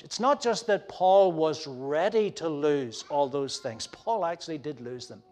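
Man, sermon delivery, slightly high pitch, emphatic with frequent restarts and dynamic swings. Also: lively intonation, moderate pace, hardly any pauses. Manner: emphatic, many fillers and restarts; swings from soft to loud for emphasis. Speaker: preacher.

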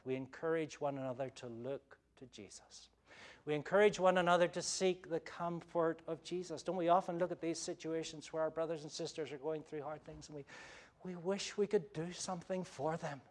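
A man's voice: on the high side, fairly bright tone. A man preaching a sermon as pastor, earnest and pleading, with frequent "uh" fillers and restarts.

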